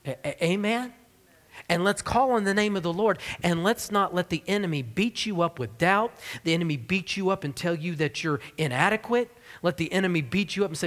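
A man's voice: high voice, a little fast, fairly bright tone, long reverb tail. A man preaching a sermon as pastor of a church, in a conversational, joking style. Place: church sanctuary.

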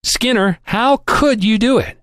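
A man's voice: very high voice, unhurried, a bit bright, smooth, no room sound, clean studio sound, voice pushed up. A man voicing a crusty, shrewd old shipping magnate who barks and chirps by turns, in an audiobook reading. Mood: scolding. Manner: barking, chirpy and teasing by turns.

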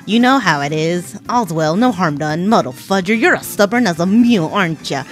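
A woman's voice: on the low side, lively intonation, brisk, faint music behind, close to an everyday voice. A woman voicing a swaggering Southern cowboy man who drawls in a folksy way and swaps his cuss words for tame ones. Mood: gruff blustering. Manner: folksy drawl, censored cussing.

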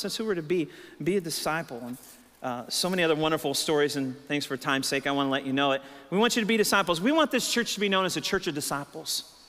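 A middle-aged Texan man, a pastor, preaching a sermon and telling stories, swinging between low, relaxed storytelling and emphatic, raised peaks. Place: church sanctuary. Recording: reverberant church hall.

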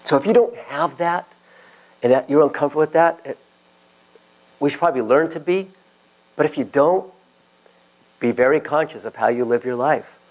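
Pausing often at a moderate pace, a male pastor with a fairly high voice preaches a story-driven sermon from his own life, acting out the voices of the people he quotes. The recording quality is rough.

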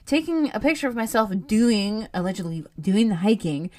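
A woman hosting her own podcast, talking candidly in a rambling, heartfelt solo monologue that turns animated when she rants. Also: mid-range voice, moderate pace. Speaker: podcast host.

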